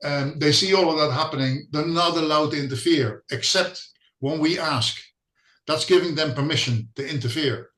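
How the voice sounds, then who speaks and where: Male podcast guest, slightly high voice, blunt and swearing, echoey room. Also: moderate pace, pushed and bright. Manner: blunt, joking, swears freely. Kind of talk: casual interview chat.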